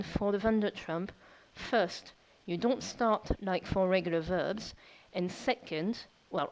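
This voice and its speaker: Woman teacher explaining a grammar rule, patient, repeats herself a lot, mid pitch. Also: darkish tone, poor audio. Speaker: French teacher. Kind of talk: online language lesson.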